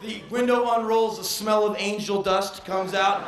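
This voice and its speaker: A man in his thirties performing a comedic spoken word monologue on stage, breathless and swinging from deadpan to yelling. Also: high-pitched, moderate pace, few pauses, very noisy. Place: live stage. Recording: echoey live venue on old VHS.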